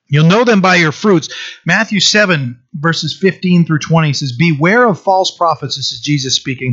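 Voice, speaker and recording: A man teaching through a Bible passage verse by verse, reading scripture slowly and then explaining it in a loose conversational way with restarts. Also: a little high, fairly bright tone, muffled recording.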